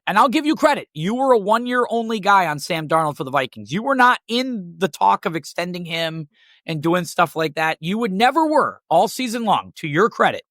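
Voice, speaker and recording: A man hosting a podcast, chatting casually and telling stories with lively swearing. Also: fairly high pitch, dry recording, clean studio sound. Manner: animated storytelling with profanity. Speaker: podcast host. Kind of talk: casual chat.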